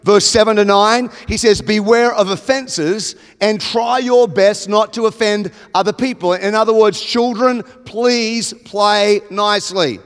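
High-voiced Australian preacher in a hall. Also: male voice, fairly even intonation, measured pace, hardly any pauses, clean tone. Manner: emphatic, builds to loud exclamations. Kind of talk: sermon. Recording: long hall reverb.

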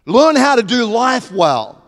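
A man with an Australian accent preaching a sermon, emphatic and building to loud exclamations. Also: very high-pitched, sing-song, takes it slowly. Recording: long hall reverb.

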